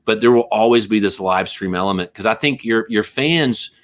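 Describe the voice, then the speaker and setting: A man's voice: fairly low pitch, moderate pace. Rambling, joking male musician. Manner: rambling, self-mocking, breaks into goofy voices. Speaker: musician guest. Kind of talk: casual podcast chat.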